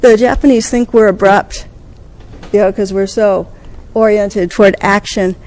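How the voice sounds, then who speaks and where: A woman giving a conference talk, telling a story and acting out the quoted dialogue with lively energy. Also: medium pitch, measured pace. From United States. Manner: animated, acts out quoted dialogue. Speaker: conference speaker.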